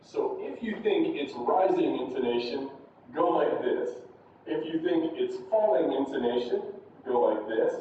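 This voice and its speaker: A man teaching a university English class, giving patient step-by-step instructions and acting out exaggerated high and low intonation examples. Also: expressive, measured pace, a little hiss or hum. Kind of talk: classroom lesson. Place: large classroom. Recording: roomy, distant, dull classroom audio.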